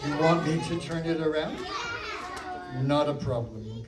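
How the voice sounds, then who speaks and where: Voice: mid-range voice, measured pace. Playful kids' magician, distant in an echoey room. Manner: playful, coaxing the crowd with countdowns. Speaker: children's magician. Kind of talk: live magic show for kids. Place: library activity room, indoors. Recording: distant, echoey, loud crowd noise. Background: noisy crowd of children.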